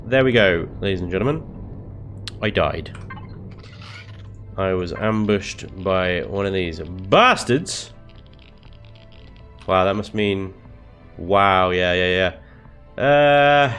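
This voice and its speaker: A man's voice: sits low, a bit bright. A young man hosting a let's play, giving gameplay commentary and reacting with exasperated swearing and laughter at his own mishaps.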